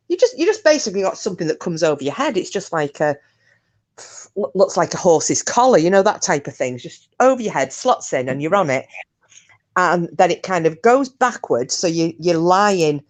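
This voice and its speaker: A woman hosting a live stream, telling stories in a chatty, frank way and swearing freely. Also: fairly low pitch. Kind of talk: casual chat.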